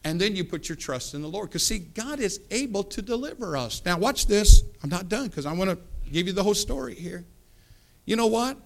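A man preaching a sermon, fervent, swinging from low asides to loud climaxes and acting out Bible characters as he tells the stories. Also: expressive, brisk, gravelly. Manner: acts out Bible characters in the telling.

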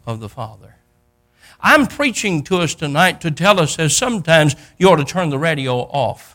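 An older male preacher delivering a sermon in a bright, forceful voice that sits a little high for a man. He tells the story in a homespun, folksy manner, acting out each character and climbing to loud, fervent peaks. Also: very animated, normal speed.

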